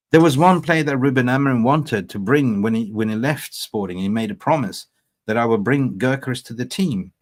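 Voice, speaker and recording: A man hosting a football fan channel livestream, chatting casually, rambling with animated swings and laughing at his own jokes. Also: mid-range voice.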